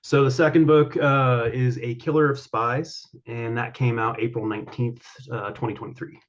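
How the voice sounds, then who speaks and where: A man's voice: mid-range voice, little pitch movement, moderate pace, highs cut off. A man being interviewed as an author guest, answering at length with many fillers and restarts. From Colorado.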